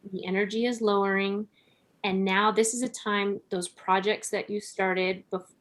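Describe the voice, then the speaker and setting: This podcast guest, a woman with a mid-range voice, reflects aloud in a comfortable conversation. Her speech is full of laughter and the fillers "like" and "right?"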